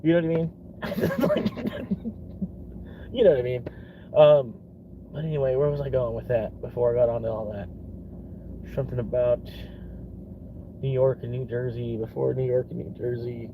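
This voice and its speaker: A man's voice: mid-range voice, a little slow, pauses often, phone-quality sound, slight background noise. A young man from Florida in a casual rambling vlog, swearing often and laughing between thoughts. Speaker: vlogger.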